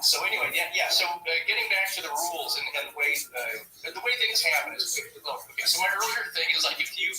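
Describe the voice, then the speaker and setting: Male podcast host, casual rambling delivery, bright voice, distant from the mic. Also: a little high, animated, fast, hardly any pauses, reverberant, faint music behind. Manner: rambling, full of fillers and restarts. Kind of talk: casual chat.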